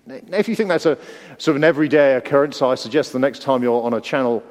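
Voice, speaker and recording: A man preaching a sermon, animated, often repeating his words at the start of a phrase. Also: mid-range voice, fast. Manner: animated, repeats words, acts out the disciples' cries. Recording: long hall reverb.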